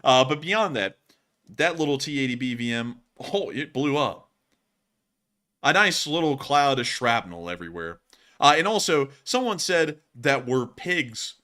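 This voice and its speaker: A man hosting a live-stream war commentary, excited and joking, often laughing. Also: medium pitch, unhurried. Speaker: host.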